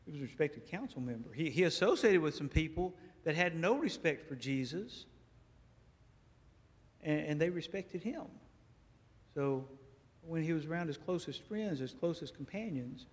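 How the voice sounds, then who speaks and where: A man preaching a sermon as a guest speaker, telling stories in a lively way and acting out dialogue in a church. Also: fairly high pitch, normal speed. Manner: animated storytelling, acts out dialogue. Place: church sanctuary. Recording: echoey church hall.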